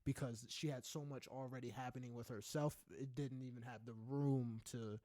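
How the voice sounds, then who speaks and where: A young adult man co-hosting a podcast in casual chat, speaking candidly and swearing freely, often ending lines with "right?" and rising into loud animated rants. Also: medium pitch, moderate pace, dry recording, studio quality. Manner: rises into loud animated ranting. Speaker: podcast co-host.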